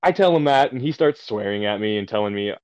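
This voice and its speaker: A man's voice: on the low side, animated, fast, darkish tone, dry recording, dull audio. A man casually telling a long story on a podcast, swearing and amused at himself, heard over a remote call. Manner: laid-back, swearing, self-amused storyteller.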